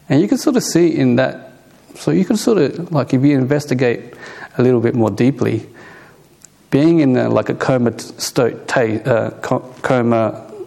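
A man gives an informal Buddhist talk on meditation at a very slow, easy pace. His voice has a gravelly, creaky edge and sits at an ordinary pitch for a man. He speaks haltingly, full of ums and restarts, with soft chuckles along the way. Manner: unhurried and halting, many fillers and restarts, chuckles softly.

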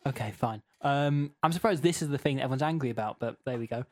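A man's voice: medium pitch, fast. A man co-hosting a comedy podcast, talking hesitantly with lots of fillers and mock seriousness. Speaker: podcast co-host.

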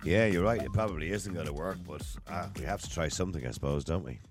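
A man with an Irish accent hosting a phone-in radio show, quick and agreeable. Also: a bass voice, loud music behind the voice. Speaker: radio talk show host.

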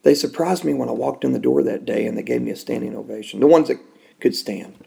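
A man, a Christian podcast host, giving an emotional personal testimony in a studio, swinging from loud and high to soft and hushed. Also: fast talker, gravelly, breathy edge.

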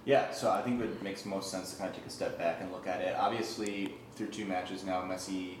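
A man co-hosting a soccer podcast, giving a steady, explanatory match analysis. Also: low voice, fairly quick. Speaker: podcast co-host. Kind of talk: casual sports analysis. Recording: distant echoey mic with noise.

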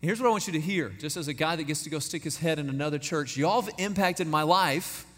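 A man's voice: fairly high pitch, fast, fairly bright tone. A man in his thirties from East Texas with a Texan accent, preaching a sermon as a guest and telling stories with folksy, self-deprecating humor. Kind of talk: storytelling sermon. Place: large church sanctuary. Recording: echoey church hall reverb.

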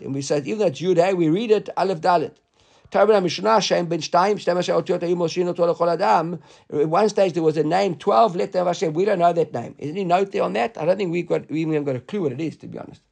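Talmud teacher. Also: male voice, a little high, creaky, a little mellow. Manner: conversational, mixes Hebrew and Aramaic readings with English explanation; filler-heavy asides, halting restarts. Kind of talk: Talmud class.

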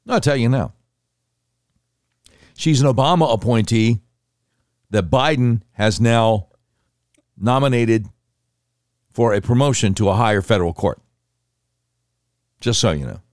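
A man's voice: mid-range voice, lively intonation, measured pace, long pauses, darkish tone, no room sound, studio quality. Sardonic male news commentary host. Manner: conversational, sarcastic asides, self-correcting. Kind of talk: casual news commentary reading articles.

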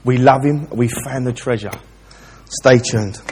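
A man preaching in a church, chatty and direct with the congregation, his voice pitched in a middle range. The sound carries a long hall reverb, and a faint hiss runs underneath. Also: a little slow, a little mellow. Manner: chatty and direct, addresses listeners. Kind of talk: informal sermon with a joke.

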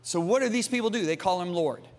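A middle-aged man preaching a sermon, emphatic and theatrical, jumping from shouts to hushed asides. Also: high-pitched, quick pace, in a large hall.

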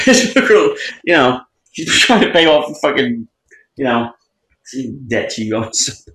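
A man chatting casually, joking loudly and crudely, often laughing at his own ideas. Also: medium pitch, big pitch swings, takes it slowly, reverberant. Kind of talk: casual chat.

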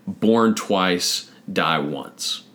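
A man's voice: deep voice, extremely slow, fairly bright tone. A man hosting a conversation about scripture, explaining his thinking step by step. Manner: thoughtful, explains step by step, frequent restarts. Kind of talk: casual theological discussion.

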